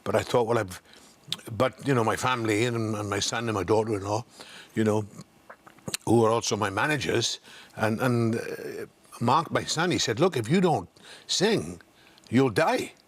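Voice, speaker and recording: An older man, a singer, speaking as a guest on a morning TV show, halting with restarts and fillers. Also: on the low side, no echo. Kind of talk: casual interview chat. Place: TV studio.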